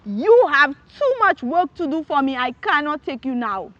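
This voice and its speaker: A woman quoting God as a calm, still small voice, softer and a little lower than her own telling. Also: normal speed, no echo, dull audio.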